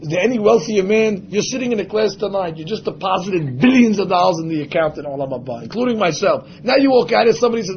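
A man with a high, gravelly voice gives an emphatic religious lecture and slips into the voices of imagined people. The recording is dull and lo-fi, with a faint hiss underneath. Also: lively intonation, fast, hardly any pauses. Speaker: Torah teacher.

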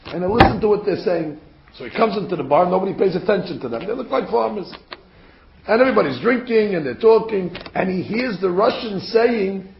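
A man teaching a Torah class, telling a story as an animated storyteller who builds to emphatic peaks, in a roomy, dull recording. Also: high voice. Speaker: religious teacher.

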